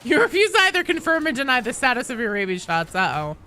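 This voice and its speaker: A woman streaming a game, chatting casually with her players, joking, laughing, swearing, and yelling in bursts during fights. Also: high-pitched, very animated, fast talker, a little hiss or hum. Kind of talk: casual live-stream chat while playing.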